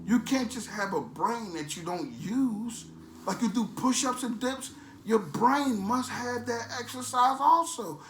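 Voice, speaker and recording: A man's voice: extremely high pitch, lively intonation, measured pace, fairly bright tone, roomy sound, a little hiss or hum. A man ranting in a preachy, motivational way as a vlogger, with emphatic, streetwise, repetitive phrasing. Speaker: vlogger promoting a supplement.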